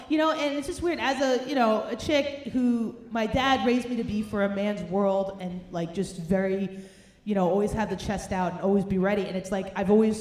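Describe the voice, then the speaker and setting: A woman's voice: mid-range voice, darkish tone. A woman, doing a brash, profane, ranting stand-up set while hungover. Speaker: stand-up comedian. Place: comedy club stage. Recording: roomy club sound, faint noise.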